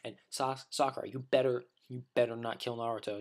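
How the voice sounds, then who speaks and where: A man's voice: mid-range voice, steady tone, fast talker, a little mellow. Profane ranting man. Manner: profane, ranting, rambling with restarts. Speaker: vlogger. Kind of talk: opinion rant.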